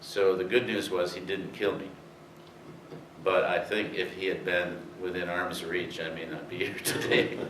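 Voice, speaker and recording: A man's voice: deep voice, flat delivery, normal speed, fairly bright tone. An older man telling rambling racing anecdotes to an audience, with many fillers. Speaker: speaker telling racing history. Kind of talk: storytelling talk to an audience. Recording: roomy, distant, faint hiss.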